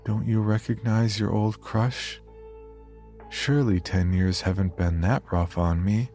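A man voicing a skinless undead woman, a former classmate, who speaks in a cold monotone. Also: on the low side, measured pace. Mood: eerie. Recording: faint music behind.

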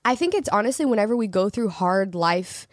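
A woman's voice: mid-range voice, expressive, a little fast, dry recording, studio quality. A young woman co-hosting a casual chat with her husband, talking loosely with many fillers and frequent laughs. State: pregnant. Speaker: co-host, married creator couple.

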